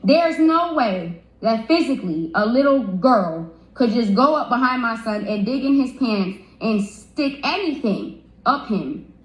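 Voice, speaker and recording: A woman's voice: fairly high pitch, lively intonation, a little slow. A young woman telling a story on a livestream, stumbling and repeating words as she gets upset. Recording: roomy echo.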